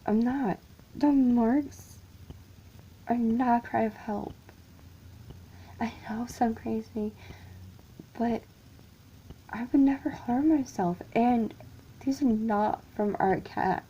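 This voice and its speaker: Woman, first-person horror narration, slow and halting, scared, whispery, mellow. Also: on the high side, dull audio, slight background noise. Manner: halting, frightened, often dropping to a whisper. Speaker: storyteller.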